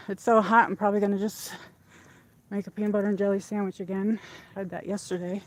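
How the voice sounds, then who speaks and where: A woman's voice: mid-range voice, level tone, fast. A woman hosting a casual walking livestream outdoors, chatting to her viewers as she goes. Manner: chatty, rambling, talks to viewers. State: out of breath from walking uphill. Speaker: livestream host. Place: outdoors on a walk around a lake.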